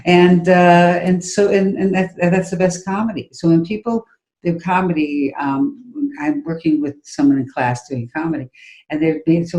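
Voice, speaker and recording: A woman's voice: fairly low pitch, normal speed, darkish tone. A middle-aged woman acting coach talking in a conversational interview, telling stories with emphasis and acting out her own outbursts.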